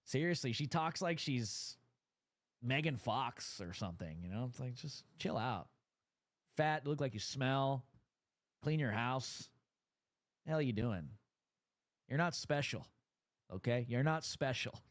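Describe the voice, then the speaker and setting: A male live streamer heckles the clips he plays, his commentary mocking and insulting. His voice sits at an ordinary middle pitch. It is recorded dry and close, with no room sound. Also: animated, unhurried, pauses often, no echo.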